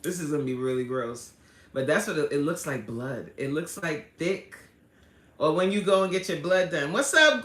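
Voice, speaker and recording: Woman livestream host, lively bright voice, laughing chat with viewers, echoey room. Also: on the low side. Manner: chatty, reads viewer comments aloud with laughter. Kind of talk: casual live-stream chat.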